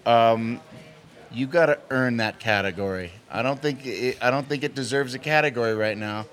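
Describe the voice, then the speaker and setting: A man talks casually in an interview, joking and playful with sudden animated bursts. His voice sits in a plain mid range. He shifts easily between loose banter and earnest points. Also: medium pitch, normal speed, crowd noise. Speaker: actor being interviewed.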